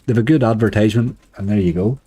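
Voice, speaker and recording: A hoarse man with a Northern Irish accent, chatting casually to viewers on a live stream. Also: fairly low pitch, fast talker, mellow, dry recording, soft background music. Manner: chatty, uses "wee" and "like" often. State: hoarse, dry throat. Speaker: slots streamer.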